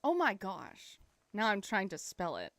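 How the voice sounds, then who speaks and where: A woman's voice: medium pitch, wildly swooping pitch, measured pace, a bit bright, no echo. A young woman with a Canadian accent chatting casually while streaming a game, giggling often. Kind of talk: casual gameplay commentary.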